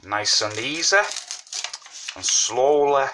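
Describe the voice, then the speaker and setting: Slow, chatty man teaching origami. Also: mid-range voice, lively intonation, noisy background. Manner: chatty, repeats "you know what I mean", many fillers. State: talking with a mint in his mouth. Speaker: origami tutorial host. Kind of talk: casual step-by-step craft tutorial.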